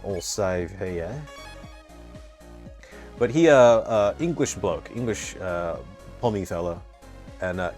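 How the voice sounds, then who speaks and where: A man with a deep, low voice chats through his gameplay as a game developer. He wanders off into long explanations and keeps restarting and correcting his words. Soft game music plays quietly underneath. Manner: rambling, digressive, explains terms at length; frequent restarts and self-corrections. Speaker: game developer playing and commenting. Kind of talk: casual gameplay commentary.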